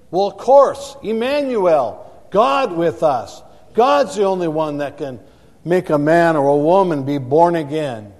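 A man's voice: on the high side, a little mellow, big-room sound. A man preaching a sermon to a congregation, emphatic and repeating words for effect, recorded in a church sanctuary. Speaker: pastor.

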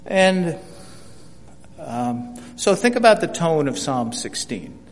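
A man's voice: fairly high pitch, sing-song, takes it slowly. An older man teaching a Bible study in a folksy, conversational way, often repeating words and acting out the lines he quotes. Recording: reverberant hall with faint hum.

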